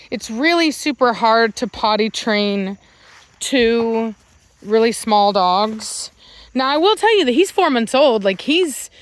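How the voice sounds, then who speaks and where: A woman dog breeder chatting casually about her puppies and their training, breaking into cooing baby talk at the dogs. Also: on the high side. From Virginia, United States. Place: home with dogs around.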